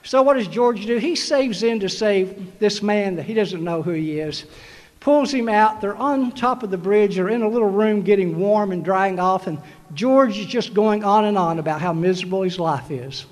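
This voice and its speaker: A man's voice: sits high, moderate pace, darkish tone. A man preaching a graduation sermon, urging the class with emphatic repetition. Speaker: commencement preacher. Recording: long hall reverb.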